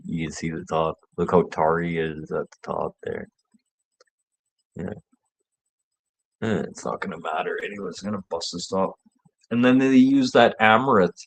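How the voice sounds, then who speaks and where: Guy host, low voice, loose, profane, rambling delivery. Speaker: show host. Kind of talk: casual rambling monologue.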